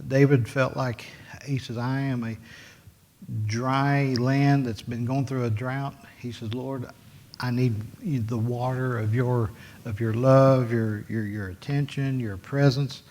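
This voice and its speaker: A man teaching a Sunday school Bible lesson in a church classroom, talking plainly with many fillers and restarts. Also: mid-range voice.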